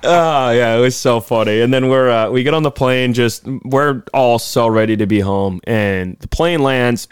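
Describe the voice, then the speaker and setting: A man's voice: medium pitch, normal speed, hardly any pauses, smooth, no echo. A man co-hosting a podcast, telling stories in casual chat, laughing often and swearing freely. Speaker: podcast co-host.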